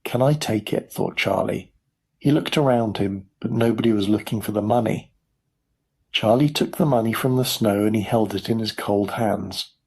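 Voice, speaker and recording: Clear, measured male storybook narrator. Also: fairly low pitch, darkish tone. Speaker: audiobook narrator. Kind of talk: scripted narration for English learners.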